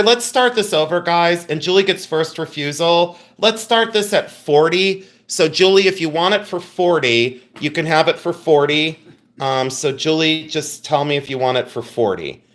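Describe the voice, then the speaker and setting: A man's voice: a little high, fairly bright tone. A man hosting a live jewelry sale stream, chatty and joking as he rambles about each piece. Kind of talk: casual live-stream selling.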